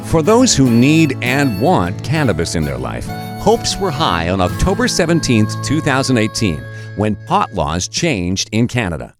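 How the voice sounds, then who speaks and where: A man narrating a documentary podcast in a measured, storytelling delivery. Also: mid-range voice, wildly swooping pitch, over music.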